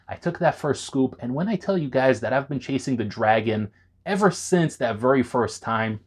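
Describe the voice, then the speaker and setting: A man talking straight to camera in an animated, conversational way, reviewing pre-workout supplements for his viewers. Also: medium pitch. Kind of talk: enthusiastic product review vlog.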